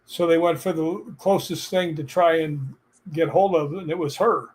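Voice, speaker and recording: A man telling personal stories in a casual chat, animated and laughing as he goes. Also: on the high side, moderate pace.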